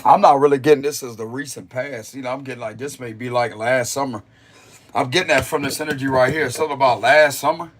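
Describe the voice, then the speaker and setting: A man's voice: medium pitch, steady tone, fast talker. Chatty, laughing man on a livestream. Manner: rambling, chatty, laughs often. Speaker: spiritual reader on a livestream. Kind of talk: casual livestream reading and chat.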